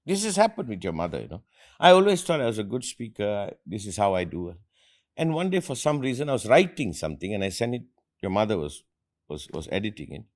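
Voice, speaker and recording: A man's voice: on the low side, sing-song, quick pace. A middle-aged man from India, hosting an earnest motivational talk with his family and repeating phrases for emphasis. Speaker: host and motivational speaker.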